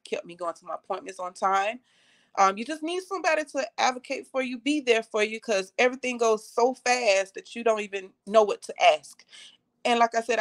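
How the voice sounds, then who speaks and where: Young woman, mid-pitched voice, earnest live-stream testimony, repeats for emphasis. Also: fairly bright tone. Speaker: cancer survivor sharing her story.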